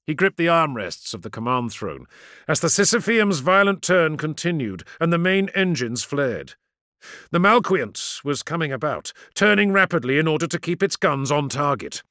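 Brief: animated male narrator, slightly high pitch, vivid dramatic audiobook reading. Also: moderate pace, no room sound, clean studio sound.

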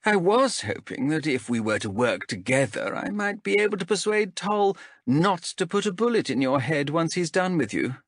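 A man's voice: fairly high pitch, sing-song, normal speed, few pauses, no room sound, clean studio sound, pitched above the performer's own voice. A man voicing a sardonic female elf captain. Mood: menacing. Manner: sardonic, wheedling, menacing. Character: shrewd mocking female elf sea captain. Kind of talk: audiobook character voice.

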